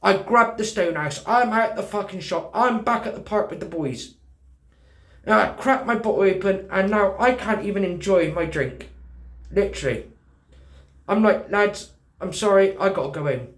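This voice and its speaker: A man's voice: sits high, normal speed, echoey room. A man with a British accent telling a personal story in casual talk, acting out the dialogue and swearing freely. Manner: animated, swearing, acts out dialogue.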